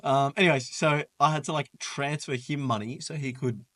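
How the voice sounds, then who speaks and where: A man's voice: medium pitch, steady tone, moderate pace, a bit bright, no echo. A man telling a travel story in a casual chat among friends, acting out bits of it with laughs. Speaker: guest. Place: indoors, holiday flat.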